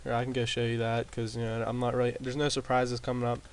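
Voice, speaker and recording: A man casually recapping his wrestling sim game in a rambling way, with lots of fillers and restarts, talking into a desk mic turned up loud. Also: medium pitch, monotone, fast, a little hiss or hum. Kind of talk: casual commentary over gameplay. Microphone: desk mic with boosted gain.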